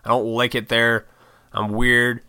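A man's voice: mid-range voice, little pitch movement, measured pace, pushed and bright, smooth, no room sound, clean studio sound. A man in his thirties chatting on his own vlog, rambling and swearing casually with frequent laughs. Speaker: YouTuber and podcaster. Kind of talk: casual solo vlog chat.

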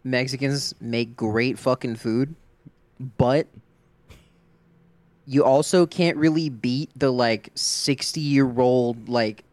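A man's voice: medium pitch, darkish tone, no echo. Man drawling a hesitant anecdote. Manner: drawn-out, hesitant storytelling with swearing. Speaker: podcast co-host. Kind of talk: casual group chat.

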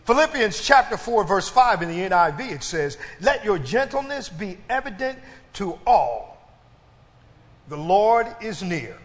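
A man with a high voice and big pitch swings preaches at a slightly slow pace. In a church with a reverberant hall sound, he draws out phrases for emphasis and calls on the congregation to reply.

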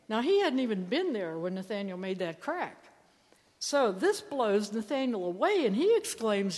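A woman's voice: medium pitch, sing-song, moderate pace, darkish tone. Woman preaching in a reverberant church. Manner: storytelling, acts out quoted lines playfully. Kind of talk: sermon.

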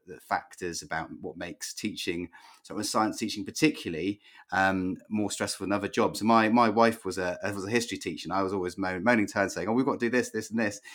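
Male podcast host, low voice, meandering questioner with lots of restarts. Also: fairly bright tone. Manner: rambling, hedging questions. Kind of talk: conversational podcast interview.

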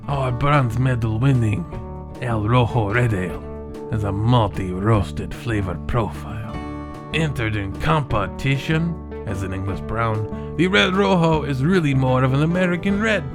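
A man's voice: medium pitch, animated, a little slow, music in the background. A man voicing a drawling male cowboy while reading ad copy. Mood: hammy drawl.

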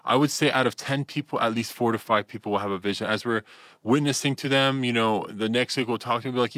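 A man's voice: medium pitch, fast talker, dry recording. A man who ministers in Iran, a radio interview guest, telling stories and acting out dialogue with many fillers. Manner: animated storyteller, acts out quoted dialogue, many fillers.

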